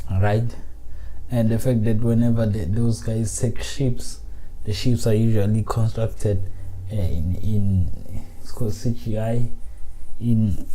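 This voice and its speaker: A man's voice: lowish voice, dark tone, rough recording. A man hosting a casual solo podcast, talking into his phone in a frustrated, rambling way, swearing and restarting his sentences. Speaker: podcast host. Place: small room, indoors.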